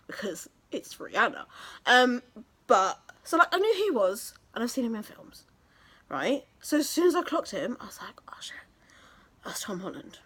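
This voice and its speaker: Young woman, casual storytelling vlog, chatty, filler-heavy, animated pitch, slightly high voice. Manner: chatty, gushing, lots of fillers. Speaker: vlogger.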